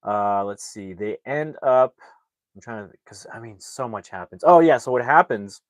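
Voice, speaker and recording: A man's voice: mid-range voice, lively intonation, moderate pace, dry recording. A man recapping a movie plot in a casual, rambling way, full of fillers and restarts. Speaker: movie reviewer.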